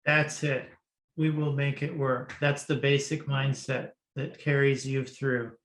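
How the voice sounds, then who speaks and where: A man's voice: mid-range voice, level tone, unhurried, a bit bright, echoey room. A man hosting an interview and asking questions in an encouraging way. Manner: encouraging, brief affirmations. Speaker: interviewer, host. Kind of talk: casual interview.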